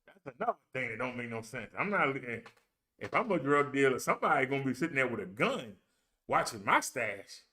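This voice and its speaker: A man's voice: medium pitch, sing-song, brisk, bright, forceful tone. A man casually retelling a story in an indignant, colloquial way. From United States. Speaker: vlogger and minister.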